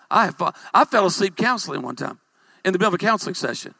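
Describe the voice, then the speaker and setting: A man, a pastor, preaching a humorous sermon with animated storytelling and calls for amens. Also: high voice, quick pace, gravelly, slightly rough, no echo.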